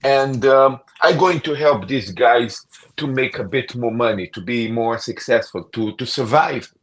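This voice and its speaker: Halting man in casual stream chat. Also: mid-range voice. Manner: halting, restarts, non-native phrasing.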